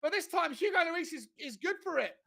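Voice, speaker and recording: An Irish man giving excited live play-by-play commentary on a match as a fan, screaming and swearing at big chances. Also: very high voice, quick pace, creaky, crowd noise.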